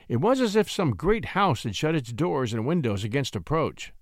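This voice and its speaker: A man narrating a classic short story in an expressive, measured reading. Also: on the high side, no room sound, studio quality.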